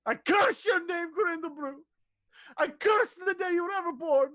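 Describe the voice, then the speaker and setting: A man's voice: extremely high pitch, normal speed, dry recording, clean studio sound, pitched above the performer's own voice. A man voicing a grief-stricken old bearded woman who screams curses. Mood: furious. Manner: shrieking, shouting curses.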